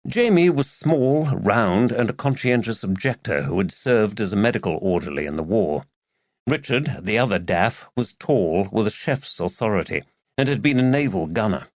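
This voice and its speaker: Male narrator, low voice, expressive, dull dry lo-fi sound. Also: moderate pace, dry recording. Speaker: audiobook narrator. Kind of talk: scripted narration.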